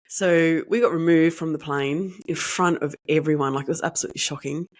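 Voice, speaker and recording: A woman, hosting a podcast and telling a personal story in an animated, indignant way, acting out the dialogue. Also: low voice. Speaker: podcast host.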